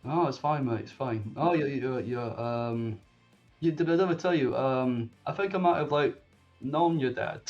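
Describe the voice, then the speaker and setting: A man voicing a weary older man in a worn coat, streetwise and protective, talking in a halting, casual way. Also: medium pitch, soft background music, voice pushed up, natural voice. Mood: apologetic. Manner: hesitant, halting, casual slang. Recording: dull lo-fi sound.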